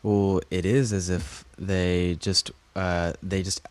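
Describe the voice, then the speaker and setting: A man co-hosting a podcast in casual chat, halting and hesitant with many fillers. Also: low-pitched, level tone, a little mellow, clear, resonant tone, no room sound. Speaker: podcast co-host.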